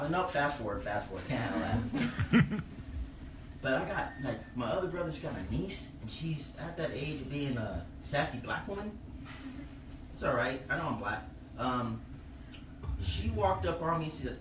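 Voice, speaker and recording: A man performing a stand-up comedy set, telling animated stories, acting out other people's lines and often laughing at his own punchlines. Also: medium pitch, normal speed. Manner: animated storytelling, acting out quotes, frequent laughter. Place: comedy venue stage. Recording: echoey live room, mic heard from a distance, loud background noise. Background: audience laughter.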